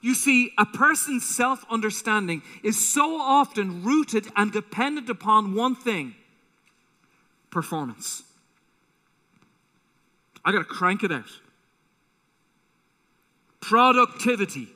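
A man preaching a sermon as pastor, animated and acting out quotes with a rising voice, in a church auditorium. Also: high-pitched, takes it slowly, pauses often. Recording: long hall reverb.

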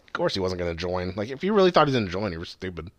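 A young man co-hosting a casual chat, retelling events in a profane, animated way with quoted voices. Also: deep voice, rapid-fire. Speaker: podcast co-host. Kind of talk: casual chat recapping wrestling.

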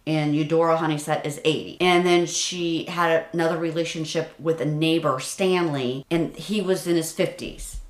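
A woman's voice: deep voice, steady tone, normal speed, few pauses, roomy sound. A woman chatting casually about books, recommending titles with emphatic enthusiasm.

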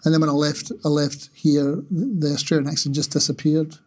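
A man's voice: fairly high pitch, fairly even intonation, normal speed. A man talking casually and reflectively in an interview, with conversational fillers.

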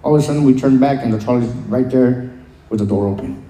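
Man, testimony style, very mellow dark tone, hesitant delivery. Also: mid-range voice. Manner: halting, full of "um" and "you know". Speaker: guest sharing his recovery story. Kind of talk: personal testimony. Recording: roomy echo.

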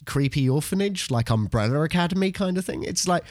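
A man co-hosting a podcast in casual chat, animated and repeating words as he thinks. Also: fairly high pitch, brisk, no room sound, studio quality. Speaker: podcast co-host.

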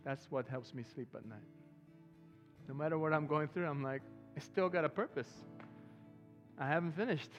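A man preaching a sermon as pastor, talking to the congregation in a relaxed way and breaking into loud excited bursts. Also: a little high, moderate pace, long pauses, lo-fi sound, faint music behind.

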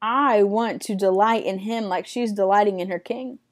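A young woman teaching a casual Bible study in a chatty way, acting out quotes with excited squeals. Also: mid-range voice, normal speed.

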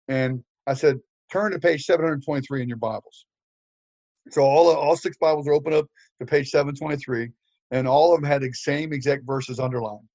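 A man's voice: medium pitch, a little fast, a little mellow, dry recording, dull audio. An older man preaching, telling a story with humor, with frequent fillers and restarts. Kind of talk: storytelling sermon.

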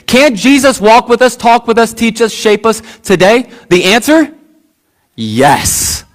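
Man, high voice, pastor, emphatic sermon, repeated phrases, rhetorical questions. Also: fairly bright tone.

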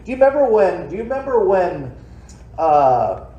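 A man's voice: sits high, very animated, normal speed, highs cut off. A man preaching a midweek sermon in a folksy, conversational way, full of rhetorical questions to the congregation. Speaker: pastor. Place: church sanctuary. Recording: roomy church echo.

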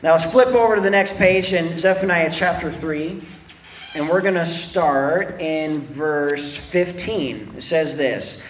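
A man's voice: a little high, slow pace, distant mic. A man preaching an evening sermon as pastor, reading scripture and talking in a loose, conversational way that repeats words and restarts sentences. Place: church service in a room. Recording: echoey room, speaker off-mic, faint noise.

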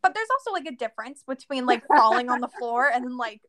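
A young woman co-hosting a podcast in casual chat, animated and swearing freely. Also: a little high, quick pace, crowd noise. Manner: animated, swears, laughs often. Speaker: podcast co-host.

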